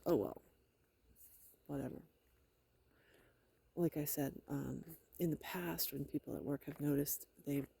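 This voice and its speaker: A middle-aged woman with a hoarse, sore throat, talking in a hesitant, rambling video diary with wry, matter-of-fact asides. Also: low voice, dark tone. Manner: hesitant, rambling, many fillers. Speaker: vlogger. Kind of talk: casual personal video diary.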